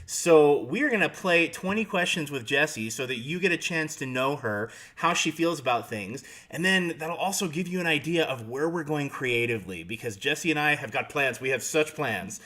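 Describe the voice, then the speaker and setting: A man's voice: a little high, lively intonation, moderate pace, hardly any pauses, pushed and bright. A man hosting a podcast, chatting casually in an upbeat, playful, joking way. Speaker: podcast host. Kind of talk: casual chat.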